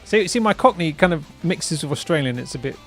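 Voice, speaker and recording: A man's voice: a little high, lively intonation, a little fast, fairly bright tone, soft background music. A man hosting a live stream in casual chat, rambling and laughing often, tagging lines with "right?" and "bruv". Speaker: streamer host.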